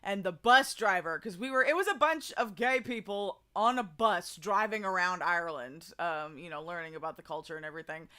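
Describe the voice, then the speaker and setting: A woman's voice: on the low side, a little fast, few pauses, bright, forceful tone, clean tone. A young adult woman chatting casually to her stream audience, rambling with many fillers and restarts. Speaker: streamer hosting a karaoke stream.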